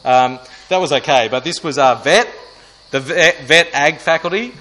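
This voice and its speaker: A man's voice: a little high, moderate pace, sharp tone, poor audio. A young man giving a joking talk to a student audience, self-mocking and asking the crowd questions. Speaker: student ministry speaker.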